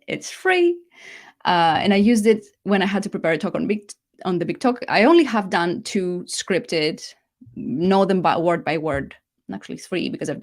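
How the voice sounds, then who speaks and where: Chatty woman hosting a live masterclass. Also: medium pitch. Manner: chatty, self-correcting, lively emphasis. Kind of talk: casual live talk.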